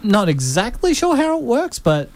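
A man's voice: very high-pitched, huge pitch swings, normal speed. A young man presenting community radio in a casual, rambling way, often repeating his words. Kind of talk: casual on-air radio chat. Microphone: studio broadcast mic.

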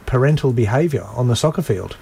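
A man presenting the sports segment of a community radio show in a relaxed, dry, conversational way. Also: mid-range voice, quick pace, gravelly, breathy edge. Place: radio studio.

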